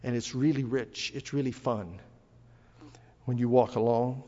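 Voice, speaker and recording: A man's voice: mid-range voice, fairly even intonation, a little slow, dark tone. A middle-aged man preaching a sermon, speaking earnestly and rising with emphasis when he quotes scripture. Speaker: pastor. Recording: dull lo-fi audio with long hall reverb.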